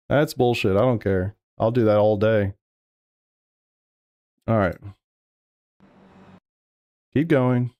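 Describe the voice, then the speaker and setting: A man's voice: mid-range voice, takes it slowly, pauses often, a little mellow, no room sound, studio quality. Profane, exasperated sim racing streamer man. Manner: profane and exasperated, arguing back at chat. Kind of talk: live stream commentary over race replays. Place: home sim racing room.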